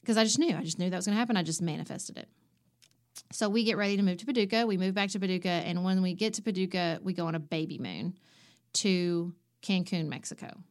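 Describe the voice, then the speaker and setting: Podcast cohost, woman, lowish voice, animated personal storytelling. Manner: animated, acts out quoted voices. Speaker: podcast co-host.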